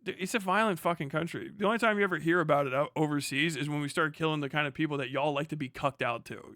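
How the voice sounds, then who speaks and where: A man's voice: a little high, quick pace, hardly any pauses, sharp tone, dry recording, clean studio sound. A young American man hosting a livestream, ranting in casual, profane, sarcastic commentary with frequent laughter. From United States. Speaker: livestream host.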